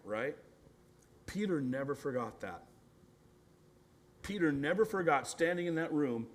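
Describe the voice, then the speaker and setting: A pastor with a slightly high voice preaches a storytelling sermon, acting out quoted voices and frequently adding "right?" For tender moments he sometimes drops into a hushed, gentle voice.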